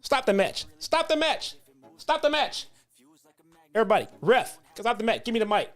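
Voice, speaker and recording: A man's voice: on the high side, big pitch swings, a little slow, a little mellow. A man doing a blunt, commanding commentator. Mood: insistent. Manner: emphatic, repetitive, commanding. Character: blunt older male wrestling commentator, insistent.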